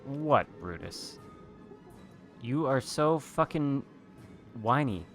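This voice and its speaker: A man's voice: medium pitch, expressive, extremely slow, a bit bright, faint music behind. A man giving casual commentary over a video game, chatting and muttering asides to himself as he plays. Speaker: gaming video host.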